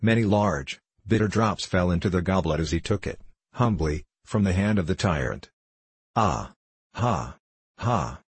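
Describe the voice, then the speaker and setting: Deep husky male storyteller. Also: no room sound. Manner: measured, steady storytelling. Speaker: narrator. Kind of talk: audiobook reading.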